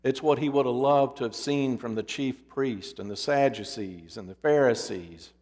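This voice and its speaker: A man preaching a sermon in a deliberate, emphatic storytelling manner, his endings dropping low. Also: a little mellow. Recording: long hall reverb.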